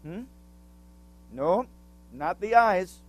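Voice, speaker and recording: A man's voice: high voice, animated. A man preaching a sermon as pastor, explaining a word with small asides and asking the congregation questions. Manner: asks the congregation questions and pauses for answers.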